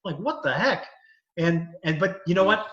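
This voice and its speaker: A man with a fairly high, bright voice lays out his thinking at length, easy and conversational. His voice rings in an echoey room and comes through a dull, lo-fi video call. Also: lively intonation, normal speed. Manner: thoughtful, explains at length. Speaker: comedian, lawyer and actor. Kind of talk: casual video chat.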